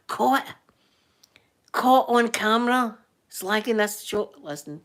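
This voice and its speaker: A woman's voice: on the high side, big pitch swings, very slow, bright, forceful tone. Chatty Scottish woman telling stories. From Scotland. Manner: chatty storyteller, laughs often, acts out quoted voices. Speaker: livestream host chatting to viewers. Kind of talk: casual chat.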